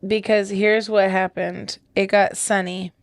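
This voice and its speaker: A woman's voice: mid-range voice, level tone, no room sound. Giggly woman, dry close sound. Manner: giggly, teasing, quick to laugh. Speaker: podcast co-host. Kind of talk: casual couple chat.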